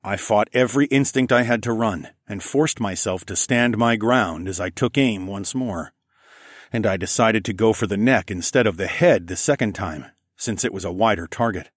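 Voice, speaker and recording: A man's voice: lowish voice, moderate pace, no room sound, clean studio sound. A man narrating a first-person story in a gritty, profane storytelling manner. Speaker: audiobook narrator.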